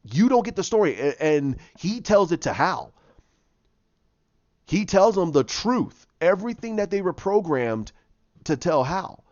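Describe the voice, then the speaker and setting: A man casually retelling his own story idea, rambling and animated as he goes. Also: fairly high pitch, takes it slowly, pauses often, no room sound. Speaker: fan pitching a film plot. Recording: dull lo-fi dry mic.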